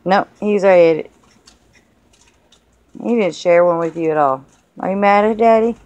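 A woman's voice: on the low side, normal speed, a little mellow, dry recording, muffled recording. A young woman filming her baby on a phone at home, talking in coaxing, playful baby talk. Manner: sing-song, coaxing and playful. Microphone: phone held over the baby.

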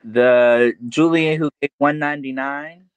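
A man's voice: fairly high pitch, steady tone, measured pace. A man joins a livestream as a guest, teasing and bragging in a casual way. His voice comes through with plenty of background noise on the line. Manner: teasing and boastful. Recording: noisy livestream audio.

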